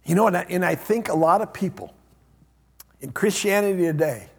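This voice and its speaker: High-voiced husky preacher in a reverberant church. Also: male voice, brisk. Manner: repetitive preaching, swings between loud emphasis and hushed low lines. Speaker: pastor. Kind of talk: sermon. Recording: long hall reverb.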